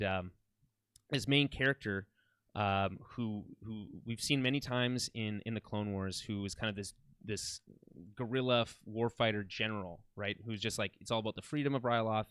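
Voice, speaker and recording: A man's voice: on the low side, fairly even intonation, normal speed, a bit bright, smooth, dry recording. A man co-hosting a podcast, chatting casually and enthusiastically about a TV series, often restarting his sentences. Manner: rambling, enthusiastic, many restarts. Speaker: podcast co-host. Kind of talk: casual film and TV chat.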